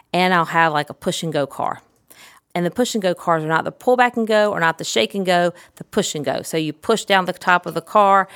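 A middle-aged woman, a pediatric therapist, giving an instructional talk in a lively, demonstrative, emphatic way. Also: lowish voice, dry recording, clean studio sound.

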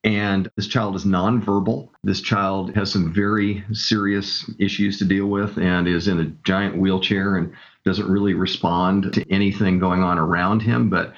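A man's voice: low-pitched, flat delivery, a little slow, muffled recording. A man telling stories with enthusiasm as a guest in a casual interview. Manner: enthusiastic storyteller. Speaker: camp director guest.

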